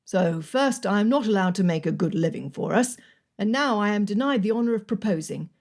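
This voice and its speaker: A woman voicing a gallant young army colonel who speaks earnestly and a little gruffly. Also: medium pitch, expressive, fairly quick, darkish tone. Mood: exasperated.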